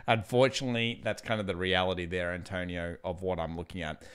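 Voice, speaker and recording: A man's voice: low-pitched, steady tone, fast, a bit bright, smooth. A man, hosting a live stream and chatting casually through market commentary while reading viewer messages. He laughs easily and thinks aloud, restarting his sentences as he goes. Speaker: livestream host.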